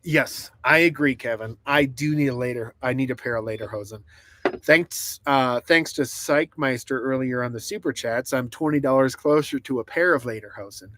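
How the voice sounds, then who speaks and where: A man's voice: mid-range voice, normal speed, hardly any pauses, pushed and bright, no echo. A man rambling and laughing through a casual live stream from inside a truck camper, reading chat comments aloud. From United States.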